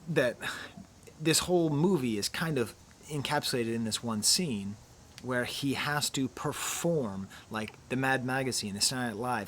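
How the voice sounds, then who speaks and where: A middle-aged man giving casual film commentary to camera outdoors, talking softly, almost in a whisper, musing with quick laughs. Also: mid-range voice, slight background noise. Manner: soft, near-whispered delivery. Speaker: YouTube critic. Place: outdoors near trees.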